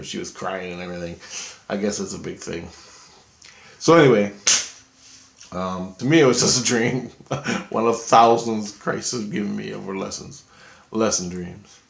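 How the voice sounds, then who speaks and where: Man, casual rambling dream story, gravelly voice, echoey room. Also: fairly low pitch. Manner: rambling, conversational.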